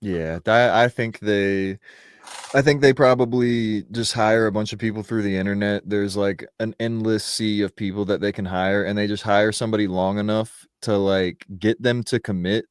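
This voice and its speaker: A man chatting casually on a podcast, answering in a laid-back, measured way. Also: on the low side, steady tone, clean tone, no room sound.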